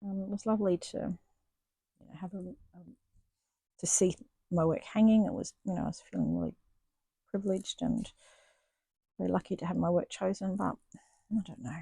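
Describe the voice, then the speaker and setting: A woman's voice: fairly low pitch, expressive, normal speed, creaky, long pauses, mellow, breathy edge, no room sound. A woman chatting casually and thinking aloud as she stitches in her home craft studio, self-deprecating and chatty. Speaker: stitching vlogger. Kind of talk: casual chat while stitching.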